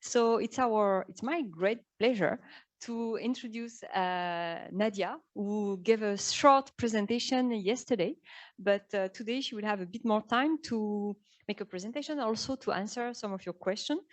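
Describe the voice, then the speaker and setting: A woman with a French accent moderates a workshop and introduces the next speaker. She speaks in a friendly, slightly halting way and stumbles over a word now and then. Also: mid-range voice. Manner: friendly, apologetic, a little halting.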